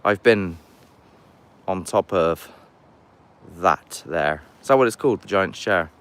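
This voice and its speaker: A man's voice: sits low, expressive, takes it slowly, a bit bright, smooth. A man chatting casually on a live stream outdoors by a castle, rambling and greeting viewers as he walks. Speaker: paranormal investigator streaming live.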